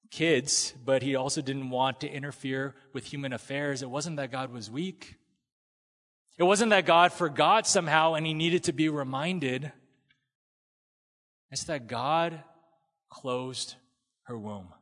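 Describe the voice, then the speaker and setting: A man preaching a sermon in a conversational, animated way, sometimes acting out the people in the story. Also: medium pitch, takes it slowly, pauses often. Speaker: pastor. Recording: long hall reverb.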